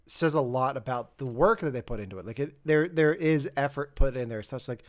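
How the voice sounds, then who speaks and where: A man's voice: mid-range voice, brisk, few pauses. Man, podcast co-host, casual chat, rambling, self-correcting.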